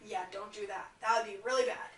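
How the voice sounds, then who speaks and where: A woman teaching a kindergarten lesson, talking slowly and clearly to small children as she reads a story aloud in a classroom. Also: mid-range voice, steady tone, a bit bright. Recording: echoey classroom, far from the camera mic.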